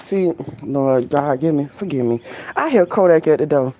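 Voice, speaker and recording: A middle-aged woman from Florida, chatting casually at home on her vlog and drifting into animated stories and tangents. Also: low-pitched, moderate pace, a little hiss or hum. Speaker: vlog host. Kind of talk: casual rambling chat.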